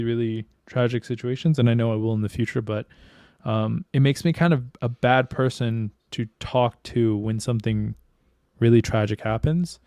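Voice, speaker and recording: A man talks openly on a podcast, loose and slangy with plenty of swearing. His voice is smooth and clear at a middling pitch, recorded dry and close. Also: a little mellow, no room sound. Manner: candid, swears freely, slangy. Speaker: podcast co-host. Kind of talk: casual podcast chat.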